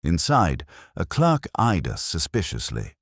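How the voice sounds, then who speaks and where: A man narrating a detective story in a measured, dramatic storytelling manner. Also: low voice, huge pitch swings, no room sound, studio quality. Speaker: audiobook narrator. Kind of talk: scripted narration.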